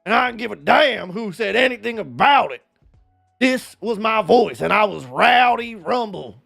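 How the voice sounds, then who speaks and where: A man's voice: high-pitched, animated, normal speed, vocal fry, soft background music, voice pushed up, exaggerated voice. A man putting on a rowdy, brash male outlaw character voice for roleplay. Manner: loud, defiant swagger.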